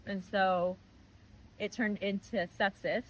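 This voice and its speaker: A woman's voice: medium pitch, slow pace, a little hiss or hum, rough recording. A young woman giving a personal faith testimony in a conversational, earnest way. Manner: earnest, animated retelling with voiced quotes.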